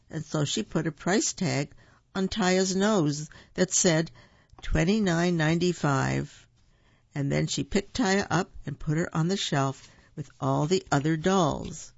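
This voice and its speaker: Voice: mid-range voice, unhurried, vocal fry, no room sound. A storyteller reading a children's picture book aloud, with playful asides, in a dull lo-fi recording.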